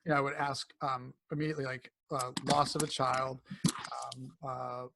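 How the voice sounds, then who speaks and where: A man's voice: mid-range voice, little pitch movement, normal speed, gravelly, background noise. A man speaking as a cancer coach in a conversational interview, rambling with many fillers and restarts, and turning emphatic and enthusiastic when he praises.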